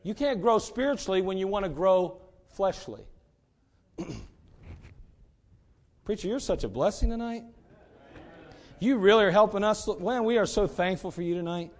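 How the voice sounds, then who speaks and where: A man's voice: sits high, animated, normal speed, long pauses. A middle-aged man, a pastor, preaching emphatically and telling a story. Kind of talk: sermon.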